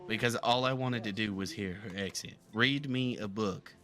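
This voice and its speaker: A man playing a talkative southern gentleman from the bayou, with a Southern twang, rambling earnestly through a live game roleplay. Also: fairly low pitch, moderate pace. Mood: reminiscing.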